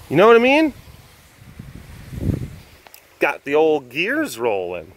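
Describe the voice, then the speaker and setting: A man's voice: on the high side, huge pitch swings, takes it slowly, long pauses, slight background noise, low-quality recording. A man hosting a casual vlog, rambling through ideas with self-mocking asides and frequent laughs. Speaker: host.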